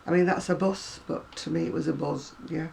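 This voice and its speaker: A woman's voice: deep voice, fairly even intonation, fast talker, vocal fry, darkish tone, slight background noise. A middle-aged woman with a Manchester accent, chatting casually to camera and laughing often. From Northern England. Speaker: vlogger.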